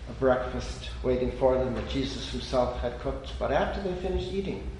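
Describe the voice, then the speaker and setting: A man's voice: mid-range voice, animated, normal speed, darkish tone, slight background noise. Man preaching in an echoey hall. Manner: storytelling, voicing quoted speakers with rising emphasis. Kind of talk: sermon.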